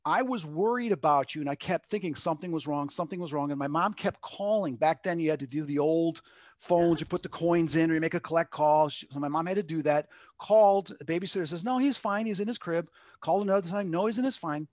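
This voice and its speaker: A middle-aged medium from Long Island, New York, tells a personal story as an interview guest. He talks fast in a slightly high, somewhat mellow voice, rambling and acting out quotes with lots of "like," and the recording is dry with clean studio sound.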